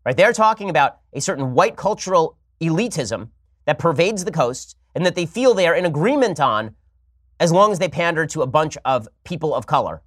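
A man's voice: on the high side, lively intonation, no room sound, studio quality. A man hosting a political talk show, delivering a sarcastic, argumentative commentary monologue. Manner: rapid-fire, argumentative, sarcastic.

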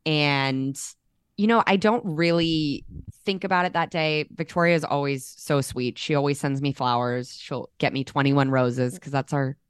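A woman's voice: deep voice, moderate pace, clear, resonant tone, dry recording, studio quality. A young woman co-hosting a podcast, talking candidly in a chatty way with plenty of fillers. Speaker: podcast co-host. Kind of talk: casual chat. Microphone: remote call.

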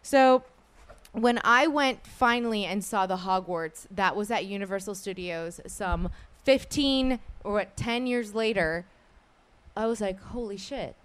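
On her podcast, a woman in a smooth, mid-range voice with no echo keeps things casual, tossing off quick asides and saying "like" a lot in slangy chatter. The talk also includes an ad read.

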